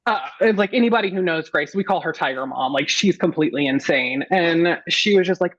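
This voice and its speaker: A woman on a panel tells a story at a rapid clip, animated and slipping into the voices of others. The sound is dull and lo-fi, with a dry, close feel. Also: lowish voice, no room sound. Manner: animated, acts out quotes of others. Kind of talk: casual storytelling. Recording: dull lo-fi audio.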